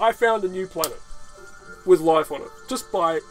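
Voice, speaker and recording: Guy ranting and swearing over his gameplay, voice a bit high, rambly, faint music behind. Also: fairly quick, darkish tone. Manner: rambling, profane, ranting with laughs. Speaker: gaming channel host. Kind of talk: unedited gameplay commentary.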